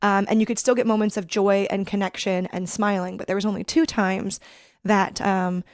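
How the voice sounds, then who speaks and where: A woman in her thirties, a podcast guest telling a personal story in an earnest, reflective, halting way. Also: medium pitch, little pitch movement, a little mellow, no echo, clean studio sound. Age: 30s.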